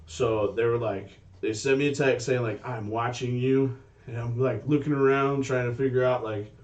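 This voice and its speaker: A man co-hosting a casual podcast, telling stories in an animated way and swearing freely. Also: mid-range voice, moderate pace, far from the mic. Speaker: podcast co-host. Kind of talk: casual chat.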